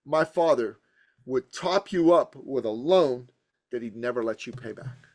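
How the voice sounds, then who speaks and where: A man's voice: mid-range voice, lively intonation, measured pace, a little mellow. A man in his fifties from Iran, a business coach telling his story as a podcast guest in an emphatic, punchy, rhythmic way. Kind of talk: motivational storytelling in a podcast interview.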